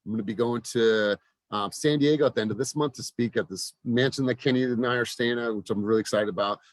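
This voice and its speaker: A man in his forties, a real estate team coach, giving an energetic motivational talk to his team, often repeating words and restarting sentences. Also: medium pitch, fast, dry recording. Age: 40s.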